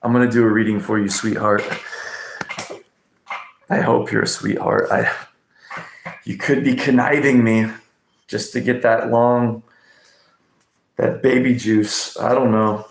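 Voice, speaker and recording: A man's voice: mid-range voice, flat delivery, a little slow, creaky, pauses often, roomy sound. A man hosting a livestream oracle card reading, ranting and rambling with profanity and pet names for viewers. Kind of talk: casual livestream chat.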